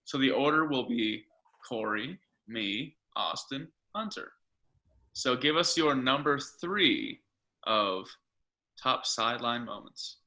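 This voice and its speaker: A man hosts a casual football podcast with a very bright, forceful tone. He talks loosely, swears freely and laughs between stories. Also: mid-range voice, expressive, slow. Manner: laid-back, swears freely, laughs often. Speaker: podcast host. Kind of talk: casual chat.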